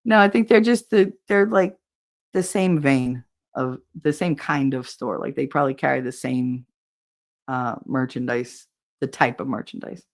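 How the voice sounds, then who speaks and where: A woman from New Jersey with a New Jersey accent, hosting a podcast in casual chat, animated and exasperated, swearing freely. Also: a bass voice, unhurried. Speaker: podcast host reading live chat.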